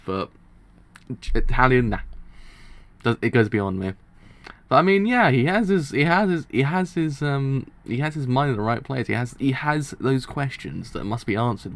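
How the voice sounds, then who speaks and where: A man's voice: medium pitch, gravelly, fairly bright tone. A man hosting a live comic reaction, chatting casually and rambling with frequent restarts and laughs. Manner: rambling, self-interrupting, laughs often.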